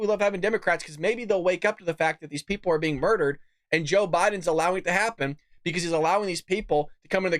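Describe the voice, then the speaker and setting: A man's voice: high voice, a bit bright, dry recording. A man hosting a political podcast, ranting angrily and swearing, sometimes mocking opponents in a put-on voice. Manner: angry, profane ranting. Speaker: podcast host. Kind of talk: political rant.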